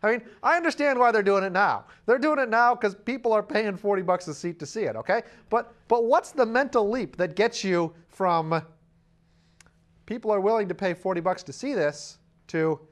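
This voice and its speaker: A man hosts his own show, talking through a funny story in a loose, rambling way. His pitch swoops up and down, and he keeps jumping into goofy voices for the characters. The tone stays wry and conversational throughout. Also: expressive, moderate pace. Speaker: podcast host. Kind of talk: casual comic monologue.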